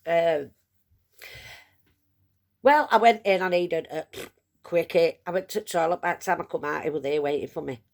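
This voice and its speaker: Woman, gravelly voice, chatty rambling storyteller, self-mocking. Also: fairly low pitch, moderate pace, pauses often, a little mellow. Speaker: vlogger. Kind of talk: casual storytelling.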